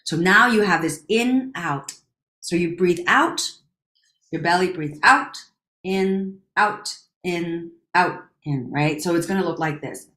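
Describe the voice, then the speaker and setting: A woman leading a guided breathing exercise, counting breaths slowly and calmly, at times softening almost to a whisper. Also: fairly low pitch, roomy sound. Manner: calm, slow counting of breaths, dropping to near whispers. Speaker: breathing instructor.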